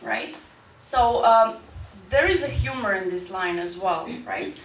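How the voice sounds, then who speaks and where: A woman with a medium-pitched, animated voice teaches English grammar slowly, barely pausing as she explains each step and asks her students "right?". It's recorded from afar in an echoey school classroom with background noise.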